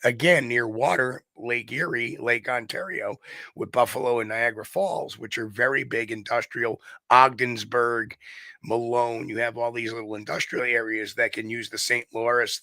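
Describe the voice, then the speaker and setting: A man's voice: medium pitch, fairly even intonation, normal speed, bright, forceful tone, no echo. A middle-aged man from New York State, a guest researcher explaining things in a rambling, self-correcting way during a casual interview.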